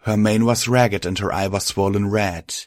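Low-voiced man narrating a story. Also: fairly even intonation, normal speed, dry recording, studio quality. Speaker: reader. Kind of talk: first-person fan fiction audiobook narration.

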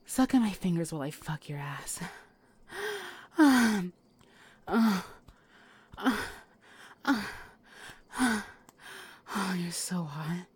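A woman in a whispered role-play, teasing and giving commands between breathy whispers and sighs. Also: lowish voice, expressive, slow, pauses often. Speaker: audio role-play performer.

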